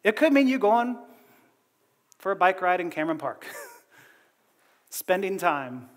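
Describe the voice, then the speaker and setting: A man preaching a conversational sermon as a pastor, animated and often laughing between phrases. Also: sits high, slow pace, long reverb tail.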